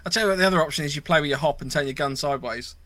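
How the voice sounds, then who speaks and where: A man hosting a casual podcast chat who talks fast and steers the conversation. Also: on the high side, bright, forceful tone, no room sound.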